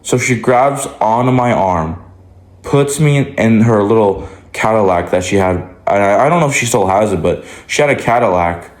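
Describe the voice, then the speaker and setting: A man telling a casual storytime to his followers, rambling and restarting often. His voice sits a bit low, and the recording carries a roomy echo. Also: lively intonation, moderate pace. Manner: rambling, many likes and restarts. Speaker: vlogger.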